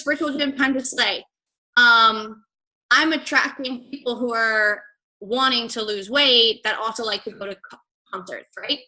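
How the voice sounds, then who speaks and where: A young woman coaching her team over a call in a casual, unscripted way. Her voice is bright and slightly high, and she talks bluntly, swears without hesitation, and keeps checking in with "right?" between her points. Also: rough recording. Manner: chatty, blunt, swears freely, lots of "like" and "right?". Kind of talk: casual training talk.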